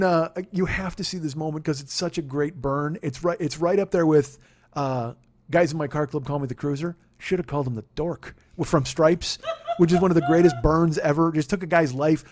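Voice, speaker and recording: A man in his forties hosting a podcast, telling a story in a casual, profane, animated way and laughing at his own retellings. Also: a little high, a little fast. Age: 40s. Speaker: podcast host.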